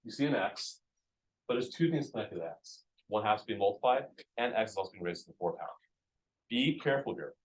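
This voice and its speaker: Low-voiced man teaching a math class. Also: expressive, brisk. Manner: casual, explains step by step with frequent ums and "right?". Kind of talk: classroom lecture.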